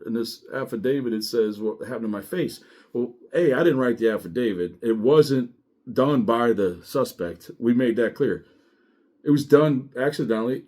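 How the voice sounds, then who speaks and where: A man's voice: medium pitch, a little mellow. A man who once served as a deputy, casually telling a profane story about his police work, laughing as he goes. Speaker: former sheriff's deputy.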